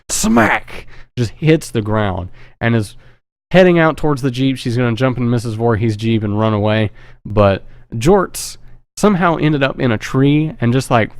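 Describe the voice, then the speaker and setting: Male reviewer, rambling profane synopsis, mid-pitched, dead-dry room. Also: no echo. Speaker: movie reviewer. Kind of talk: casual film synopsis.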